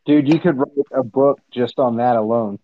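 Halting, profane veteran man. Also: mid-range voice, no room sound. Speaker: army veteran guest. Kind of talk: casual podcast chat. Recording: dry, muffled lo-fi audio.

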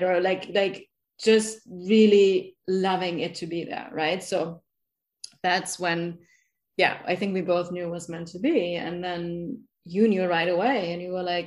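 A woman's voice: lowish voice, fairly even intonation, measured pace, darkish tone. This is a woman with a German accent who hosts a podcast. She talks in a bubbly, easygoing way, stringing thoughts together with frequent fillers. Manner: bubbly, filler-heavy, lots of "like" and "right?". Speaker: podcast host. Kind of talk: casual conversational interview.

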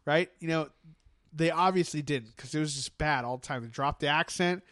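Guy ranting casually, kinda high smooth voice, lots of "you know", dry close mic. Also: moderate pace, a bit bright, no echo. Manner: rambling, opinionated, many restarts and fillers. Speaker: podcast co-host. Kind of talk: casual chat.

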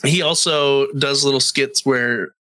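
A man co-hosting a podcast in casual chat, talking in a halting way with many restarts. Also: medium pitch, steady tone, pushed and bright, no room sound, low-quality recording. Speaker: podcast co-host.

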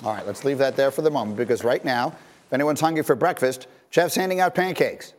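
A man hosting a sports talk show, moderating his panel with brisk, wry remarks. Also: mid-range voice. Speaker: host.

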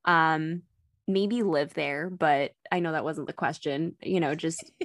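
A woman's voice: deep voice, fairly even intonation, a little slow, no echo, clean studio sound. A young woman in her twenties, a guest chatting casually and telling stories with frequent giggles. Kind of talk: casual chat.

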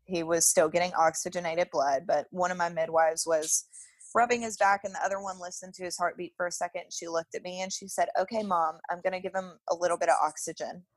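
A woman's voice: lowish voice, steady tone, brisk, dry recording. A young woman telling a personal story as a podcast guest in a casual, chatty way, with frequent "like" fillers and laughter. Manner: chatty, peppered with "like", laughs often.

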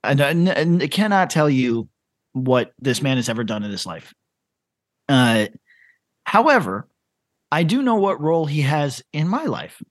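A man co-hosting a casual podcast, talking in an animated, profane way and laughing often. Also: fairly high pitch, a little slow, pauses often, no echo, clean studio sound. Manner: animated, profane, laughing, reading posts aloud. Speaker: podcast co-host.

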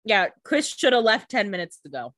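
A woman co-hosting a podcast, chiming in with quick comments and jokes while recapping a TV episode. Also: medium pitch, sing-song, fairly bright tone, no echo. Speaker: podcast co-host.

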